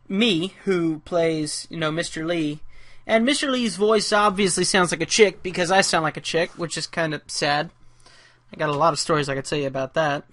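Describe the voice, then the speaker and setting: A man's voice: on the high side, a bit bright. A man who is a caricature artist, giving casual drawing commentary in a rambling, self-deprecating way, thinking aloud as he works.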